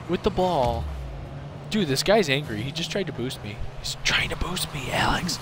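A young man streaming a game, shouting excited commentary and bossy coaching at his teammate. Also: a little high, a little slow, noisy background. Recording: game music behind.

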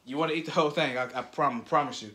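A man's voice: on the high side, racing, bright, forceful tone. A man, a father hosting his family's vlog, hyping up viewers and teasing his son in casual commentary. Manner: hyped, teasing, calling out to viewers. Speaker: channel host and father.

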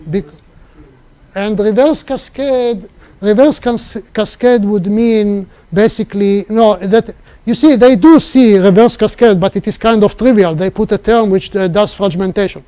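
A man giving a mathematics seminar lecture, explaining step by step and pausing to think, with restarts. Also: sits high, dark tone, clear, resonant tone. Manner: halting, thinking aloud with restarts. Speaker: seminar speaker. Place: seminar room.

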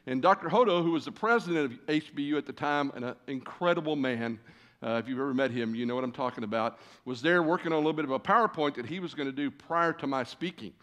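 A man's voice: a little high, fast talker, fairly bright tone. A man in his sixties preaching a sermon from a church stage, folksy and self-deprecating, with many "uh" fillers. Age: 60s. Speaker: guest preacher. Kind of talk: sermon with storytelling. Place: church stage before a large congregation.

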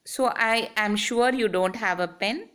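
Slow, deliberate woman teaching grammar. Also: a little high, fairly bright tone, clean tone. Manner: explains step by step, drawing out example sentences. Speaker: English grammar lecturer.

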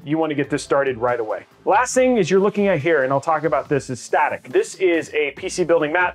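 A man hosting a hands-on tutorial, explaining each step in an energetic, chatty way with fillers and quick asides. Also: fairly high pitch. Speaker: tech channel host.

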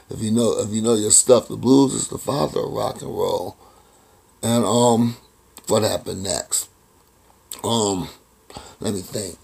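A man with a gravelly, rough-edged voice, rambling through a personal story in a casual vlog. He chuckles often and keeps restarting his sentences. His voice has a breathy, husky grain. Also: on the low side, measured pace, long pauses, a little mellow. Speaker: vlogger.

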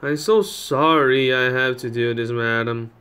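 A man's voice: medium pitch, unhurried, fairly bright tone, smooth, natural voice. Brief: a man playing a sorry young repo man, polite and stiff, lots of "madam". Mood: apologetic. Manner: stiff, apologetic, formal. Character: young man, reluctant debt collector.

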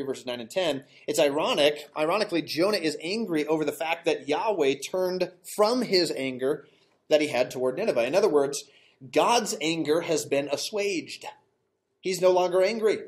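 Male pastor teaching a verse-by-verse sermon. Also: fairly high pitch. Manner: teacherly, explains step by step, rhetorical questions, self-corrections. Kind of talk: expository sermon. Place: church sanctuary.

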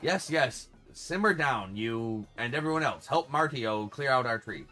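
A man's voice: mid-range voice, lively intonation, measured pace, sharp tone, soft background music. A man reading the lines of a grumpy, bossy old female creature elder in a video game, scolding and crotchety.

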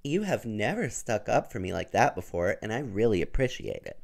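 A man voicing a shy, gentle teenage boy who thanks his sister. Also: on the low side, very animated, a little fast, vocal fry, heavily acted. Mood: grateful. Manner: meek, grateful.

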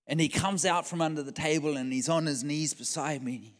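A man's voice: on the high side, a little fast, few pauses. A man preaching a storytelling sermon at a church event, acting out the dialogue of the people in his story. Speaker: guest preacher. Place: large church hall. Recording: long hall reverb.

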